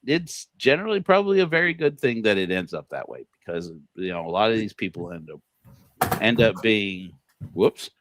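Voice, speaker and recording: Lowish guy rambling on a livestream, lots of uh and um, dry close mic. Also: very animated, moderate pace, fairly bright tone, no echo. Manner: rambling, many fillers and restarts, laughs at own jokes. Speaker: podcast host. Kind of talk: casual livestream commentary.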